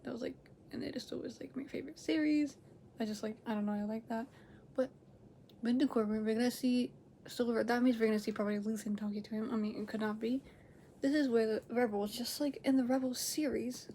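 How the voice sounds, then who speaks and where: A woman with a fairly high voice chats to camera from home, rambling and correcting herself as she goes. She laughs often and jumps from loud, excited bursts down to soft near-whispers. A faint hiss sits under the recording. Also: brisk. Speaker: reaction video host. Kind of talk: casual chat to camera.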